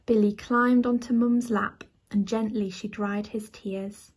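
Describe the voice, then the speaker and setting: A woman reading a children's picture book aloud as a bedtime story, soft and measured. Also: mid-range voice, steady tone.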